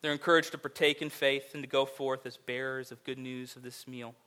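A man preaching a sermon, telling a vivid second-person story that rises to loud, emphatic peaks. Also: medium pitch, little pitch movement, fairly quick, smooth. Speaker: pastor.

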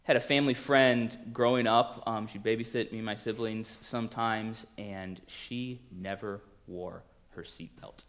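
A man preaching a sermon in a conversational way, telling the story with lively acted-out quotes. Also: lowish voice, measured pace, hardly any pauses.

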